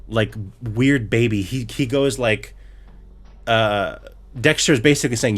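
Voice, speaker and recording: A man with a fairly low voice co-hosts a casual podcast. He retells a show in an exasperated, swearing rant and keeps stumbling and restarting his sentences. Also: moderate pace. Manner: profane, exasperated ranting with many restarts. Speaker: podcast co-host.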